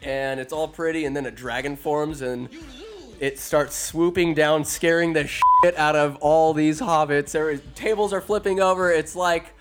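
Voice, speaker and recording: A man's voice: on the high side, fairly bright tone. A man retelling a movie in a loose, crude, joking way, as a comedic host.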